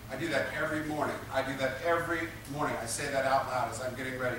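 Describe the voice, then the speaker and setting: A man's voice: mid-range voice, fairly even intonation, rapid-fire, hardly any pauses, background noise. A man preaching a sermon, emphatic and repetitive, drawing responses from his congregation. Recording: echoey room picked up from a distance.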